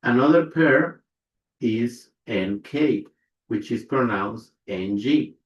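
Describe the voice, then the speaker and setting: A man leads a pronunciation lesson at a slow, deliberate pace, repeating every example word and pausing to ask if listeners follow. His voice sits in an echoey room, and the recording sounds dull and lo-fi. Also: medium pitch, animated. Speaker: language teacher.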